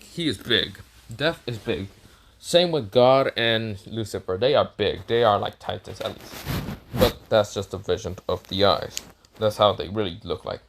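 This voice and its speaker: A man's voice: fairly low pitch, fairly bright tone, a little hiss or hum. Rambling man improvising a story. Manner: rambling, self-correcting, filler-heavy. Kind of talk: improvised fan-fiction narration.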